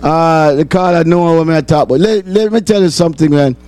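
A man's voice: on the high side, a little fast, darkish tone. A man hosting a call-in talk show, rambling and repeating himself for emphasis.

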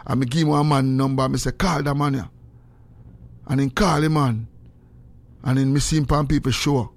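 A man hosting a show, telling stories in a lively, laughing way and quoting himself and others. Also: medium pitch, brisk, vocal fry. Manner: animated, laughs often, quotes himself. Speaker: show host. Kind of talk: casual storytelling chat.

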